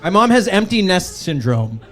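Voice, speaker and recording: Young man, stand-up comic, lively sing-song delivery, fairly high voice, comedy club stage mic. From Canada. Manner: animated, quick shifts into acted-out voices. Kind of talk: stand-up set.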